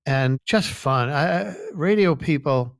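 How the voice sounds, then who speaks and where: A man's voice: a little high, animated, measured pace, creaky, dry recording, studio quality. A man, chatting easily and telling anecdotes on a business podcast. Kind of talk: casual storytelling chat.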